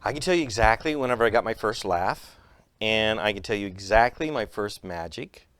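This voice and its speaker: A man tells stories as an interview guest, throwing his voice up high to act out the people in them. His tone is smooth and resonant, and the recording is dry and close with no room sound. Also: a little fast, no room sound. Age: adult with a young son. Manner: lively storyteller acting out quotes in raised voices. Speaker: comedian and magician guest. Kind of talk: animated interview storytelling.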